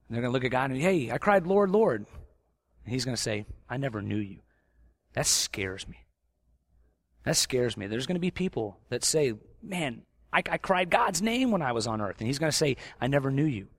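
A man preaching a sermon, swinging between loud emphatic stretches and quiet, intense asides. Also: mid-range voice, no room sound, studio quality. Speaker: pastor.

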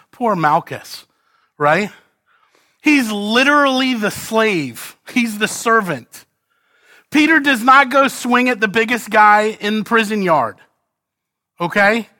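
High, bright-voiced preaching man. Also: no room sound, studio quality. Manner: dramatic swings from loud to hushed, rhetorical questions. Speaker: pastor. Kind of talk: expository sermon.

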